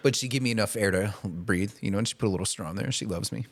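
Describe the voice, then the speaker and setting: A man co-hosting a podcast in casual chat, laid-back and high, laughing often and swearing. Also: quick pace. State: high on marijuana. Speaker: podcast co-host.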